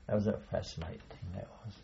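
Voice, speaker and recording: Speaking fast in a low, dark voice with vocal fry and a steady tone, this older man shares wartime recollections in an oral history interview. He's a veteran who wanders and hesitates, laughing softly as he remembers, and the recording sounds dull and lo-fi.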